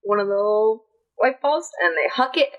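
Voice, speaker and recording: A woman's voice: medium pitch, animated, normal speed, lo-fi sound. A woman playing in a tabletop role-playing game, describing her character's actions with many fillers and laughs. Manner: rambling, giggly, many fillers. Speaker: player.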